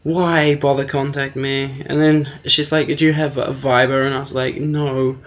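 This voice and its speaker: A man's voice: mid-range voice, flat delivery, moderate pace, fairly bright tone. A young man, ranting crudely and mocking himself as he tells a story. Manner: profane, self-deprecating, ranting. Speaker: podcast co-host. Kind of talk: crude comedic rant. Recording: dull lo-fi recording.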